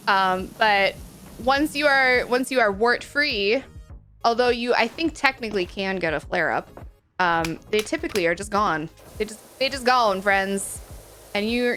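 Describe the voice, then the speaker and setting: Her voice is mid-range with a sharp tone. As a livestreamer reading chat during a casual gaming stream, she treats viewers as friends, talking frankly and playfully and laughing frequently.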